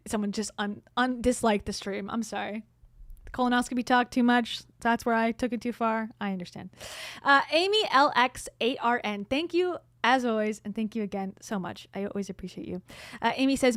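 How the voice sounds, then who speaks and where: A middle-aged woman hosts a casual livestream and tells her own stories in a chatty way, laughing often. Her voice sits a little high. The sound is dry and close to a streaming mic. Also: expressive, moderate pace, fairly bright tone, no room sound. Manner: chatty storytelling, frequent laughs. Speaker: livestream host.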